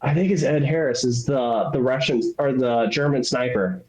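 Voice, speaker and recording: A man's voice: mid-range voice, normal speed, darkish tone. A man co-hosting a movie podcast, joking and swearing freely in casual chat. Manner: blunt, swears a lot, jokey. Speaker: podcast co-host. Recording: echoey room.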